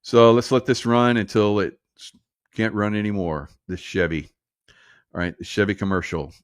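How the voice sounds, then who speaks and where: A man's voice: fairly low pitch, steady tone, moderate pace, smooth, dry recording, clean studio sound. Sarcastic man ranting casually. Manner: sarcastic, mocking, laughs at own jokes. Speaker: political commentary host. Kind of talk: casual solo commentary.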